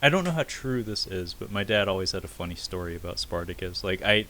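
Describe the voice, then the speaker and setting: Low, forceful man chatting loosely. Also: lively intonation, quick pace, a little hiss or hum. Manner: loose and profane, many filler "uh"s. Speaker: podcast co-host. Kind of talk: casual film review chat.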